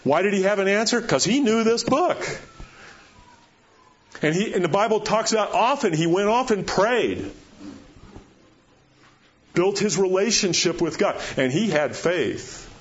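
A man preaching a sermon as pastor, animated, rising to excited questions and dropping to quiet appeals. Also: sits high, unhurried, long pauses, muffled recording.

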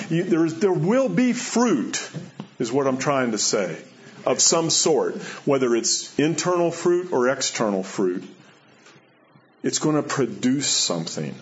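A man's voice: fairly high pitch, slight background noise. A man giving a sermon in an earnest way, repeating key phrases and letting his voice rise and drop for emphasis. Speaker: preacher. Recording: dull lo-fi sound.

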